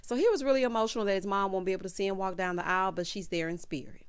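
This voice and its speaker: A woman's voice: medium pitch, racing, smooth. A woman hosting a casual, sassy recap of a reality show, calling her viewers child and honey.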